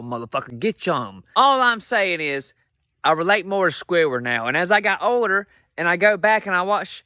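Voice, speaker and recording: A young Southern man rattles off a rowdy, profane comedy rant in a drawling accent. His voice is bright and forceful, a little high for a man, and recorded close and dry. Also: dry recording. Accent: Southern American. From American South. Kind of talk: stand-up comedy monologue.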